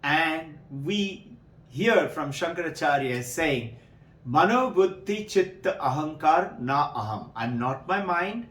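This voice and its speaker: Animated spiritual teacher, man. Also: on the high side, slow, echoey room, poor audio. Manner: animated storytelling, acts out voices in parables. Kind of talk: spiritual talk to devotees.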